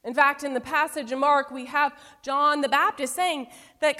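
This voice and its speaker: A woman's voice: sits high, a little slow. Woman preaching in a reverberant hall. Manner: storytelling with wide swings between emphatic and hushed delivery. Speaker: pastor. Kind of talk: sermon.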